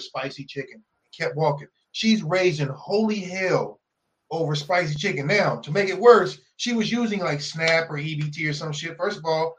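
Profane, animated male podcast co-host. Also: a little high, poor audio. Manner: animated, profane, acts out the people in his story. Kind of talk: casual chat, storytelling rant.

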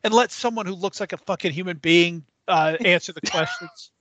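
A man's voice: high-pitched, fairly quick, fairly bright tone, dry recording. A man co-hosting a sports podcast, griping bluntly with frequent swearing. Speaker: podcast co-host. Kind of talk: casual podcast banter.

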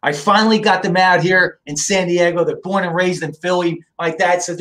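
A middle-aged man from the Philadelphia area, a guest in an interview, telling family stories in a lively, casual way and often checking in with "right?". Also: high-pitched, moderate pace, few pauses. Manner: animated storyteller, asks "right?" often. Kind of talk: casual storytelling.

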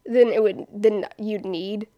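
A young woman co-hosting a podcast in casual chat, telling a story animatedly and acting out quotes loudly, with many fillers and swearing. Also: mid-range voice, fairly even intonation, slow, dry recording, lo-fi sound. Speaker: podcast co-host.

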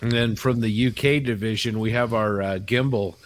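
A man with a somewhat low voice on a group call. He talks in a halting way, full of pauses. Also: steady tone. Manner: hesitant, many fillers. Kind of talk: casual group chat on a call.

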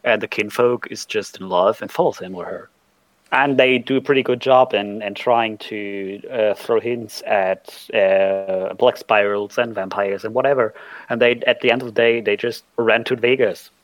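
A man with a German accent talking through tabletop game ideas in a halting way, often repeating words while he thinks. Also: fairly low pitch, no room sound, poor audio. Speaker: panelist. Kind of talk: casual tabletop game discussion.

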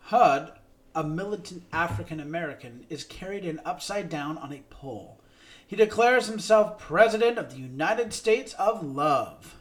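A man co-hosting a podcast, giving a steady scripted reading of credits and a show synopsis. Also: on the high side, normal speed. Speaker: podcast co-host.

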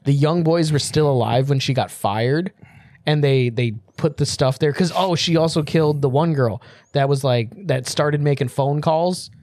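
A man co-hosting a podcast in casual chat, swearing often and quickly acting out movie characters in asides. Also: a little high, darkish tone, dry recording. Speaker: podcast co-host.

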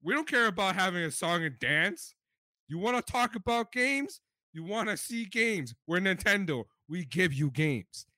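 A man voicing a stiff, deadpan male game company spokesman in a mock-formal tone. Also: high voice, moderate pace, no room sound, pitched below the performer's own voice, exaggerated voice. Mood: matter-of-fact.

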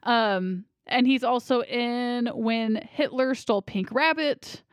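A woman's voice: fairly high pitch, slow pace, smooth, no echo, studio quality. A woman co-hosting a podcast, chatting casually and rambling about movies, laughing easily. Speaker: podcast co-host. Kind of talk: casual movie-review chat.

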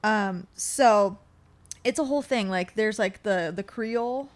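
A woman's voice: mid-range voice, measured pace. Young woman podcast co-host; sarcastic, blunt, swears a lot; casual chat.

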